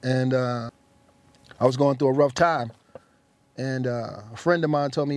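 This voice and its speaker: A man from the Bronx telling a story as an interview guest, animated and acting out the voices in it. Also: medium pitch, unhurried. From the Bronx, New York. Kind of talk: anecdotal storytelling. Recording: dry close mic.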